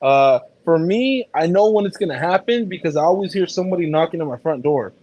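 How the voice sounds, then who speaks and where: A man in casual chat, telling a personal story in an animated, profane way. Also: a little high, a little fast, no echo, muffled recording.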